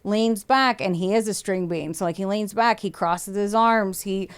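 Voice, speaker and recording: A woman hosts a podcast and walks her co-host through a true-crime story in loose, casual chat. Her voice is smooth and clear at a middle pitch, and she swears freely and slips into little acted quotes as she goes. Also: normal speed. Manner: swears freely, acts out quotes, laughs often.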